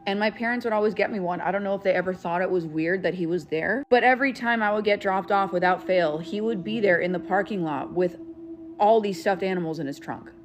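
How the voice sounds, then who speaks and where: A woman's voice: mid-range voice, brisk. A woman telling a casual storytime in an earnest, questioning way. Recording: music playing clearly underneath. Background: music.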